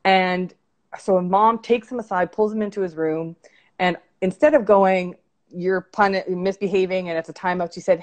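A woman's voice: medium pitch, darkish tone. A woman life coach speaking earnestly in a conversational interview, telling stories and reflecting on self-talk.

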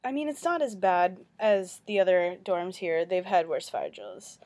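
A woman's voice: fairly low pitch, a little slow, a little mellow. A young woman telling a matter-of-fact story in a casual vlog. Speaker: vlogger.

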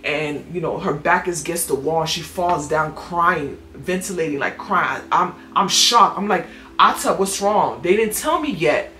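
A woman's voice: on the low side, expressive, measured pace, pushed and bright. A young adult woman telling her story with animation and acting out what others said. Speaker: guest giving testimony. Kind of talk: emotional storytelling. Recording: echoey room with faint noise.

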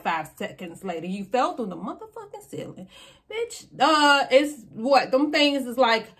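Loud, cussing woman reacting to clips. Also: high-pitched. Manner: loud, profane, incredulous. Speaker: reaction video host. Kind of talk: casual reaction commentary.

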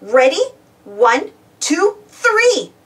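A woman's voice: sits high, very animated, very slow, fairly bright tone, distant mic, pitched above the performer's own voice, heavily acted. A woman voicing an earnest young male legend hunter in a storybook read-aloud, set back from the mic. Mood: urgent. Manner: earnest, explaining.

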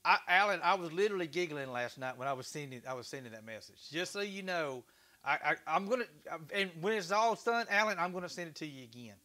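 A high-pitched man with a bright, forceful voice hosts a casual livestream from his workshop. He talks to his viewers in an excitable, chatty way and swears freely. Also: fast talker. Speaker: livestream host. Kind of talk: casual livestream chat while woodturning.

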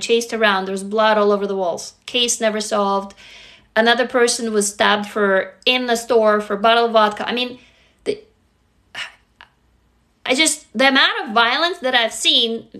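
Chatting candidly on a phone livestream, a middle-aged woman with a Russian accent drifts from story to story and reads viewers' comments out loud. Her voice as host is bright, clear and pitched a little high.

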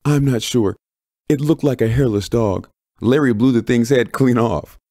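A man voicing a frightened, upset young mother who pleads in a high, anxious voice. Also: moderate pace, warm tone, no echo, clean studio sound, close to an everyday voice. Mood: shaken.

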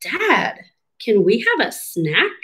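A woman's voice: mid-range voice, huge pitch swings, slow, bright, forceful tone, full character voice. A woman voicing an eager young boy cat in a children's storybook, light and asking.

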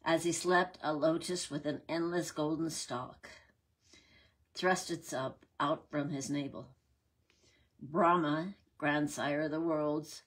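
Low, husky woman reading a myth. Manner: measured, reverent storytelling. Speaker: reader. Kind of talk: reading a retold myth aloud.

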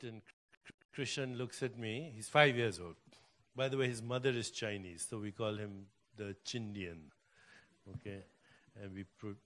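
A man's voice: fairly low pitch, fairly bright tone. Older man, conference speaker, storytelling, acts out dialogue. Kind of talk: storytelling talk on stage.

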